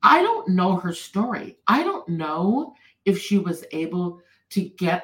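A woman guest telling her personal story in an interview, earnest and animated. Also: fairly low pitch, unhurried, reverberant, poor audio.

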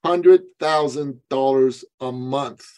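A middle-aged man, a business coach, answering interview questions with energetic storytelling, acting out quoted dialogue. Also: takes it slowly. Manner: animated, acts out quoted dialogue in a higher voice.

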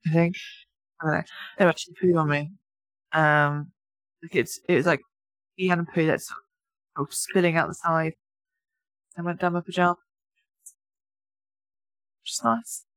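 A woman's voice: sits low, fairly even intonation, a little slow, long pauses, no room sound. A woman co-hosting a podcast, a new mother chatting casually and laughing at her own stories. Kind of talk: casual chat.

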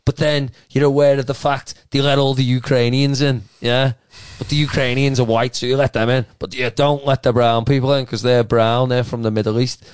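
Man, podcast co-host, smooth clear voice, opinionated, dry close sound. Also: mid-range voice, moderate pace, no echo. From Australia. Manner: animated, opinionated, laughing often. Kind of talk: casual chat.

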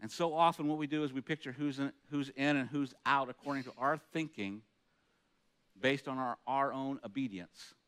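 Clear and resonant, with a mid-range, bit-bright voice at normal speed, a pastor preaches earnestly but conversationally. He reads scripture aloud between comments and asks the listeners rhetorical questions.

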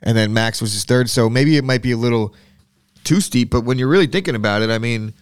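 A man's voice: mid-range voice, fast talker, clean tone, no room sound, clean studio sound. A man hosting a casual podcast chat, joking and swearing freely. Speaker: podcast host.

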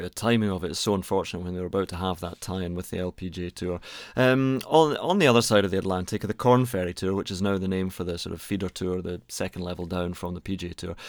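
A man co-hosts a casual chat with a fairly low voice. He talks in a relaxed way and chuckles now and then. The sound is close and dry. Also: no echo. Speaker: podcast co-host.

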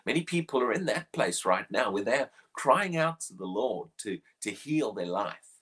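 A man's voice: medium pitch, very animated, moderate pace, fairly bright tone, husky. A man preaching a short morning devotional, earnest and questioning, often repeating words as he presses a point.

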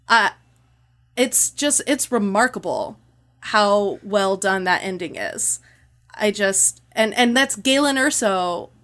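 A woman's voice: mid-range voice, fairly bright tone. Effusive woman podcast host. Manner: effusive, emotional, rapid rambling. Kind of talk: casual podcast discussion.

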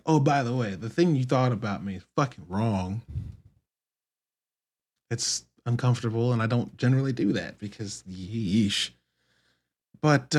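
A man with a husky voice hosts his own podcast, thinking aloud in a casual, rambling way. He swears freely and often restarts his sentences. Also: mid-range voice. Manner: casual, profane, rambling with self-corrections. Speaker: podcast host. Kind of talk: solo podcast monologue.

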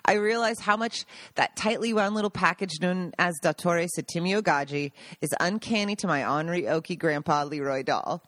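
A woman's voice: fairly low pitch, normal speed, a bit bright, no room sound. A woman podcast host reading a chapter from her own book aloud, breaking off for laughing side notes.

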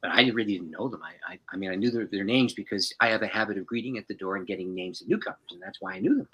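A man who is a pastor, an animated storyteller who laughs often as a guest on a podcast. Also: on the low side, very fast, slightly rough, rough recording.

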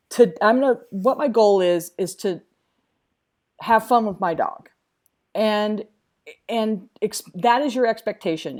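A woman telling frank, lively stories in casual chat, acting out what people said. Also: medium pitch. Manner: lively storyteller, acts out quotes.

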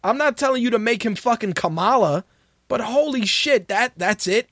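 Man, radio host, high voice, ranting, swearing, exasperated, dry close mic. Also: lively intonation, normal speed, fairly bright tone, no room sound. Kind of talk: casual profane commentary.

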